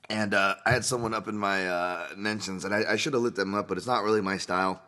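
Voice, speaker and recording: A man with a deep, low voice hosts a solo podcast and talks loosely through recent fight results. He rambles, goes off on tangents and swears without a second thought. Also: fairly even intonation, fast, bright, forceful tone. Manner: rambling, casual, swears freely. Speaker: podcast host.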